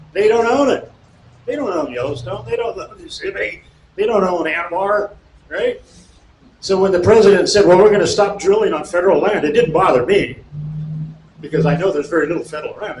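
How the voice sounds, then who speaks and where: A man with a slightly high voice reads passages aloud and then argues over them, getting indignant and mocking as he goes. He sounds like he's in a roomy, echoing space with faint noise in the background. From California. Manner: fired-up and indignant, rising to shouts; mocking asides. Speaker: speaker at a local meeting. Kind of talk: talk to an audience, reading aloud and explaining.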